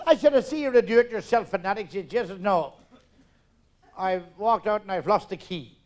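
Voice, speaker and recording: A middle-aged man telling rapid-fire jokes on stage, loud and brash, acting out characters. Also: sits high, slight background noise. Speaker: stand-up comedian. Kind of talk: live stand-up joke telling. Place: theatre stage, audience laughter.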